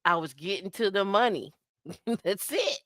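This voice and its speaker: A woman co-hosting a podcast in casual talk, an emphatic, lively storyteller who acts out the dialogue and repeats her advice for effect. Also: medium pitch, measured pace, no room sound, clean studio sound. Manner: emphatic, repetitive advice-giving. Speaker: podcast co-host.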